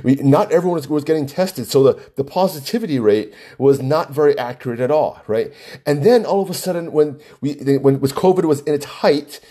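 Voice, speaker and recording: A man's voice: fairly high pitch, fairly quick, warm tone. Chatty man rambling on his podcast. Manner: rambling, chatty, frequent fillers and restarts. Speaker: podcast host. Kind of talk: casual solo podcast talk. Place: Hawaii.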